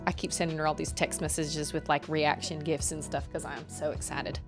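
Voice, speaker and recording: A woman streaming live and chatting casually with her viewers while gaming, talking in a loose, animated way with many "like" fillers. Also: deep voice, normal speed, music in the background.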